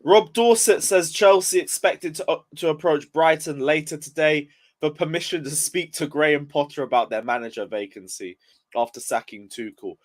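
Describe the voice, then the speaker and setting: A man's voice: fairly high pitch, normal speed. A young man ranting on a casual football live stream, just woken up and yawning, swearing in frustration as he reads chat aloud. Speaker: football livestreamer.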